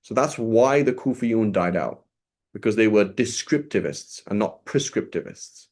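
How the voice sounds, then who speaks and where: Man, low voice, grammar lesson, explanatory, keeps asking "right?", video call. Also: expressive, measured pace, a little mellow. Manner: explanatory, checks in with frequent "right?". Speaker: Arabic grammar teacher. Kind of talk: small-group grammar lesson.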